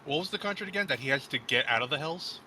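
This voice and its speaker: A man's voice: on the high side, expressive, quick pace, sharp tone, a little hiss or hum, rough recording. A man playing a tabletop game, arguing a contract point in character with lawyerly, probing questions. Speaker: player.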